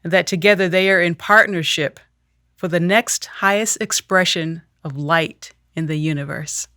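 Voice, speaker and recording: A woman leading a guided meditation in a calm, measured, reflective way. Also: fairly low pitch, dry recording, studio quality. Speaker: meditation leader.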